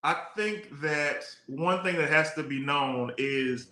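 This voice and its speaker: A man's voice: a little high, slow, sharp tone. A man co-hosting a podcast in casual chat, teasing and joking, firm when making a point. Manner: teasing, joking, speaks his mind firmly. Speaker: podcast co-host. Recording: echoey room.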